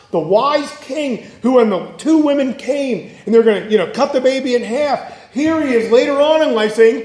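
Male preacher, high voice, earnest, acts out quotes, echoey church hall. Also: normal speed, hardly any pauses, a little mellow. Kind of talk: sermon. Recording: echoey room.

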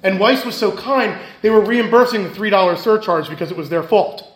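A man preaching a sermon as pastor, emphatic and repetitive, swinging between loud stresses and hushed asides. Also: sits high, a little fast. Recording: echoey room.

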